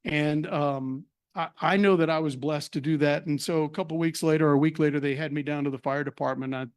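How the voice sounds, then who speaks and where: Middle-aged guy telling his faith story, earnest, lots of ums, fairly high voice. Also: steady tone, fairly quick, smooth. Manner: earnest storytelling with many fillers and restarts. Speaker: actor sharing a faith story. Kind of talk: personal testimony talk. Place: cafe event.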